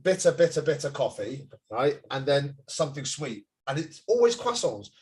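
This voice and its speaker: A man's voice: on the high side, big pitch swings, moderate pace, darkish tone. A man co-hosting a live wine tasting, chatting casually, laughing often and reading out viewer comments. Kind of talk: casual live-stream chat.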